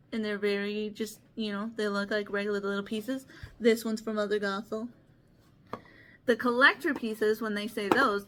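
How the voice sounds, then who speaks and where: A woman's voice: mid-range voice, fairly bright tone. A woman hosting a casual board game vlog, with a lisp and a slight stutter, talking in a rambling, earnest way and laughing often. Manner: rambling and chatty with restarts and small stutters. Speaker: board game channel host. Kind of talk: casual vlog talk showing games to camera.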